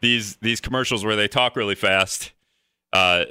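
A man's voice: on the low side, measured pace, pushed and bright, smooth, no echo. A man hosting a call-in radio talk show, rambling in a joking way and acting out exasperated reactions.

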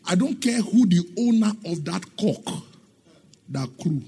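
A man's voice: high-pitched, expressive, a little slow, mellow, husky. A middle-aged man preaching a sermon in an emphatic, sing-song way, asking the congregation questions and acting out the dialogue in his stories. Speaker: pastor.

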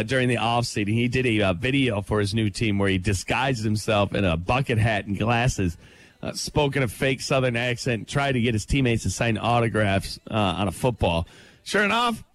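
A man hosting a morning radio sports segment, excitable and joking, reading short sports stories. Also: on the low side, normal speed, no room sound. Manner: excitable, animated, reads sports news. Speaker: morning show sports host. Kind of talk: casual radio banter.

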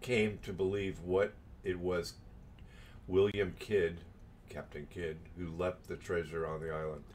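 A man's voice: sits low, flat delivery, unhurried, darkish tone, a little hiss or hum. A man co-hosting a podcast, reading history aloud with dry joking asides. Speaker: podcast co-host. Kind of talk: casual chat and reading aloud.

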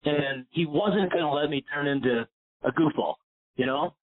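A man's voice: fairly high pitch, moderate pace. A man from Pennsylvania, a golf instructor telling a long personal story in an interview, rambling with many fillers and getting choked up. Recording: phone-like line.

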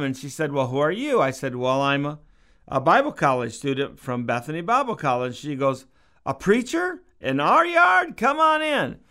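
A man giving a radio sermon, telling a personal story in an earnest, gentle way and slowing down on key phrases. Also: on the high side, clean tone. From Canada. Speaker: radio preacher.

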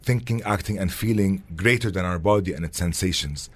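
Man, very deep voice, earnest, heartfelt, spiritual, interview guest. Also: a little fast. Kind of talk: reflective interview talk.

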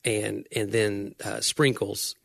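A man's voice: fairly low pitch, little pitch movement, takes it slowly, creaky, dry recording, clean studio sound. A man co-hosting a podcast, telling rambling stories in casual chat and acting out quotes. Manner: rambling storyteller, acts out quotes. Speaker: podcast co-host.

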